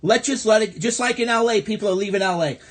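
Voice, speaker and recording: A man's voice: high-pitched, fast talker, fairly bright tone. Angry profane man ranting on a livestream. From American Midwest. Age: adult. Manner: angry, profane, repetitive and sarcastic. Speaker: livestream host. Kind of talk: ranting political livestream monologue. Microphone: phone livestream.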